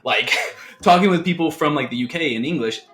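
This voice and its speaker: A man's voice: a little high, lively intonation, brisk, fairly bright tone, faint music behind. An American man chatting as a guest in an easygoing way, with many "like"s and "right?"s. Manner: easygoing, filler-heavy, lots of "like" and "right?". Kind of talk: casual chat.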